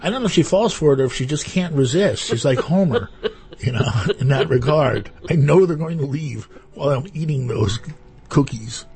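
A man's voice: fairly high pitch, lively intonation, brisk, a little mellow, husky. A man hosting a radio show, chatting casually and telling wry, rambling stories into a studio microphone. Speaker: radio host. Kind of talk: casual chat.

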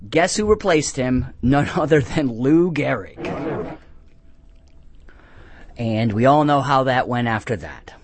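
A man hosting a call-in comedy radio show, drifting through deadpan, absurd tangents with self-mocking asides and frequent restarts. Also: medium pitch. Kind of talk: rambling comic monologue.

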